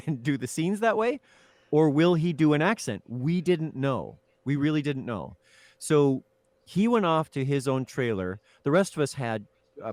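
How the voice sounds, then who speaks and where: Actor guy telling stories in an interview, dry close sound, lively, laughs a bit. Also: medium pitch, dry recording. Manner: animated anecdote-telling with laughs and restarts. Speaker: film actor, guest. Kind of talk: casual storytelling interview.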